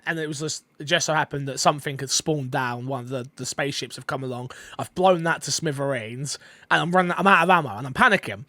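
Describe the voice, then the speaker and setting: A man co-hosting a casual podcast chat, rambling and excitable with lots of fillers, eating while he talks. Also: medium pitch, fast, no echo. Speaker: podcast co-host.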